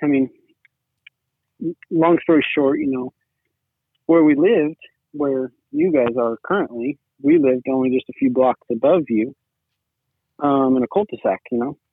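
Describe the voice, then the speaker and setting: Over a tinny phone-like line, a man appearing as a guest, a sibling-in-law, rambles through casual conversation full of "you know"s. He speaks unhurriedly in a medium pitch with a breathy edge and long pauses, in a dry recording.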